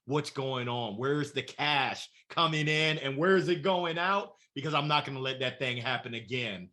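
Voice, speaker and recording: A man talking as an interview guest, telling his career story with lively acted-out quotes. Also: medium pitch, normal speed. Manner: animated storyteller acting out quoted voices.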